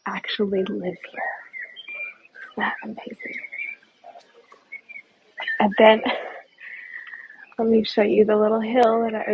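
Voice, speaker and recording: Slow-talking chatty female tour guide. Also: mid-range voice, muffled recording, slight background noise. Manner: chatty and enthusiastic, asks viewers questions. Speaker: tour guide and travel vlogger. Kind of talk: casual live walking tour. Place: outdoors in a small hillside village.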